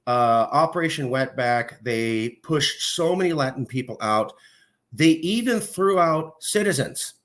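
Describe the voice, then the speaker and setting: A man hosting a casual interview, talking in long rambling stretches with many fillers and pitch that jumps high when he gets worked up. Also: lively intonation, a little slow, fairly bright tone. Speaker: podcast host.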